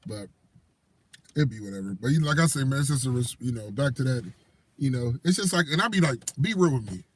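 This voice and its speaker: A man, telling animated stories in casual chat and acting out the voices of the people in them. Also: mid-range voice, quick pace. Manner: animated storyteller acting out quoted voices, laughing often. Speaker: co-host.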